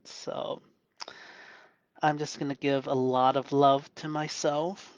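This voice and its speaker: A man in a reflective live monologue, speaking gently and softly in a deliberately lowered voice, thinking aloud with pauses and restarts. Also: level tone, clean tone, dry recording, low-quality recording. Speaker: self-coaching vlogger.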